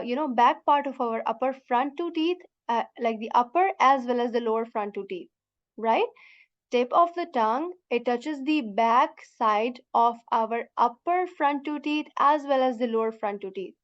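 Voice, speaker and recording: A woman teaching a beginner Quran Arabic lesson, patiently saying each sound slowly and repeating it for students to copy, and calling her students sister. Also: on the high side, muffled recording.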